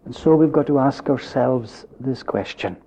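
A man preaching a sermon, building up to emphatic questions and dropping his voice low at the end of phrases. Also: normal speed, creaky, mellow, husky. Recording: dull lo-fi recording.

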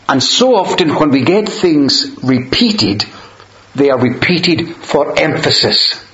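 Slow, measured man preaching a sermon. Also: a little high, expressive, bright, forceful tone. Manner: measured, emphatic, slows on quoted verses. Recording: dull lo-fi sound in a roomy space.

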